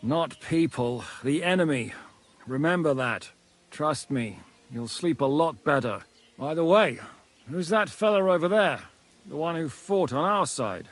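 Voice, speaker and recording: Brief: a coarse veteran soldier, slightly high voice, video game. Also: male voice, lively intonation, measured pace. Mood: steady. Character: gruff medieval soldier, battle-hardened comrade.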